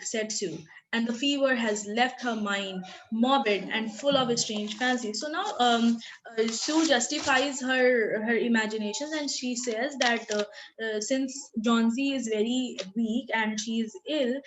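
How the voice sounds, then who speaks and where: A woman's voice: a little high, slight background noise, poor audio. A woman teacher explaining a short story in a recorded lesson, talking hesitantly with many fillers and restarts and often asking "right?". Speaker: literature teacher.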